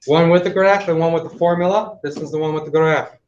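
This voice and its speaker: A male math teacher giving classroom instructions, slowing down to spell out each step for students. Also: a little high, fairly even intonation, a little mellow, slight background noise. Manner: instructive, slows down to spell out steps. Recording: echoey, distant, dull classroom recording.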